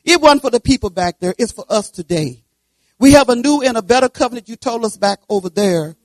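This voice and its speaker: A woman in her seventies preaching, telling a folksy personal story and breaking into fervent shouts of praise. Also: a little high, animated, brisk, dry recording, rough recording. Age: 70s. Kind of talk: sermon testimony and prayer.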